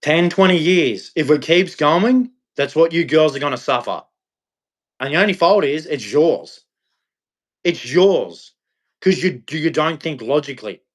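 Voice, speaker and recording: A man's voice: on the high side, normal speed, fairly bright tone. An Australian man ranting on a livestream in a blunt, scolding, preachy way. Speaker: livestream host. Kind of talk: livestream rant.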